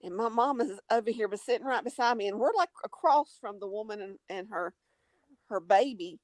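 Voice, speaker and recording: A woman chatting on a livestream, telling funny stories loudly and laughing a lot. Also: medium pitch, fairly quick, no room sound. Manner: laughing, loud and lively storyteller. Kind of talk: casual chat on a livestream.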